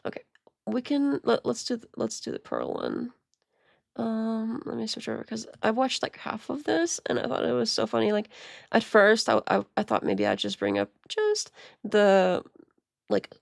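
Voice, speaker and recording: A woman streamer chatting casually as she reacts to videos, rambling with stammered restarts and quiet muttered asides. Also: medium pitch, vocal fry, no echo, clean studio sound. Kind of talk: casual live-stream commentary.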